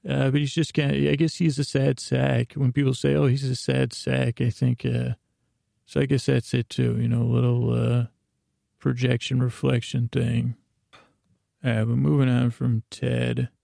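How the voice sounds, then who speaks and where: A man's voice: mid-range voice, little pitch movement, vocal fry, dark tone, dry recording, clean studio sound. A man hosting a podcast, telling a rambling bedtime recap in a meandering, hesitant, drowsy way full of asides. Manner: drowsy, unhurried. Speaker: podcast host.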